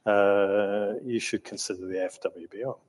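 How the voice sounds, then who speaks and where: A man's voice: fairly low pitch, steady tone, moderate pace, long reverb tail. An older man from England telling his life story in a reflective, hesitant way, with many ums and restarts and the odd chuckle. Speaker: interviewee recounting his life.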